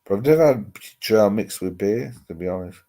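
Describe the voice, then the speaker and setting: A man rambles through a casual chat with his viewers, dropping the odd mild swear word. His low voice has a gravelly edge. He talks into a laptop microphone at home. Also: expressive, fast, dark tone. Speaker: livestream host. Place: home, seated with laptop on lap.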